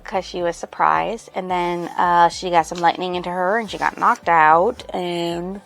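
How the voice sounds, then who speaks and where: A woman's voice: fairly low pitch, fairly even intonation, a little slow, creaky, fairly bright tone, soft background music. A woman casually summarizing a book's plot as a book reviewer, rambling loosely with lots of fillers. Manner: rambling, full of fillers and "she's like".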